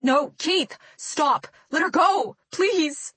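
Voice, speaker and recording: A woman's voice: drawn-out words, a little mellow, no room sound. A woman voicing a frightened young woman who pleads and weeps in an audiobook. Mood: panicked pleading. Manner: pleading, high and shaky.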